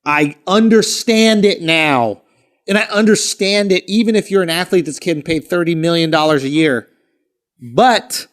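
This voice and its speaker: A man with a notably high voice talks in casual podcast chat. He argues at length and swears freely, blunt and direct about what he thinks. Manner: blunt and profane, argues his point at length. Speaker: podcast co-host.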